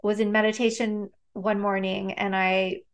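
A woman's voice: medium pitch, flat delivery, a little slow. Chatty woman telling personal stories. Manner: chatty, lots of "like" and "um", laughs often. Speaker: guest, neuroscientist and author. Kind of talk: casual storytelling in a conversation.

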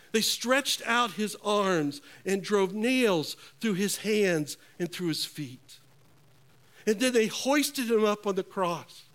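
Slow, earnest high-voiced preacher man. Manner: slow, earnest preaching with dramatic hushed drops. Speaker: pastor. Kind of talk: sermon.

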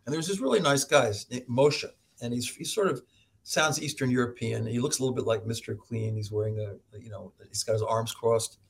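Husky middle-aged man telling stories. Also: medium pitch, brisk. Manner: animated storyteller who laughs often and acts out voices. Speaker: podcast guest, professor. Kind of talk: storytelling in an interview.

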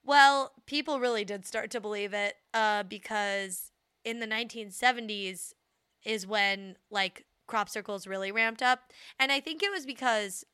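A woman co-hosting a podcast in casual chat, animated and sarcastic, with many fillers. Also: mid-range voice, unhurried, clean tone, dry recording, studio quality. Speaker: podcast co-host.

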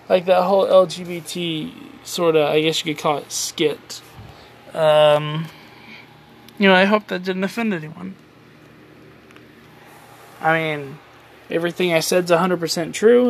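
A man with a voice pitched a little above the usual, talking alone on his podcast. He sounds tired and rambles loosely, dropping casual swears and running himself down as he goes. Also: gravelly, a little hiss or hum. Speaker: podcast host. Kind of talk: casual solo podcast rant.

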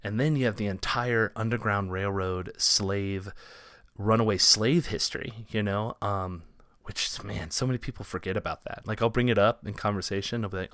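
A man from Ohio with a somewhat low voice tells a story on a podcast. He rambles through it with plenty of fillers and grows animated at the exciting parts. The recording is close and dry, with no room sound. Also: moderate pace, dry recording. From Ohio, USA. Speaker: podcast co-host. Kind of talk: casual storytelling chat.

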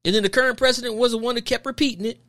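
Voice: mid-range voice, fairly even intonation, very fast, pushed and bright. A podcast host delivering an emphatic, preachy opinion monologue full of rhetorical questions and repeated phrases.

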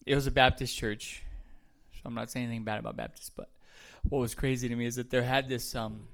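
A man's voice: medium pitch, fairly quick, gravelly, a bit bright. A man giving a casual, chatty sermon, joking and correcting himself as he goes. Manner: chatty, jokey, self-correcting, laughs at himself. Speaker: preacher.

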